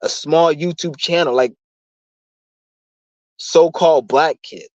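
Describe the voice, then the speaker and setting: A man's voice: on the high side, slow pace, no echo, lo-fi sound. Heated, profane young man ranting. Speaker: channel host. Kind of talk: casual rant on a live stream.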